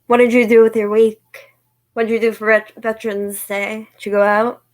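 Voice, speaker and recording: A woman's voice: fairly high pitch, level tone, normal speed. A woman co-hosting a casual chat, easygoing and amused.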